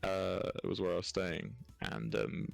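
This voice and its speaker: A man's voice: low voice, lively intonation, measured pace, creaky, soft background music. A young English man in his twenties, telling rambling stories in casual chat, swearing and laughing often. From England. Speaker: streamer.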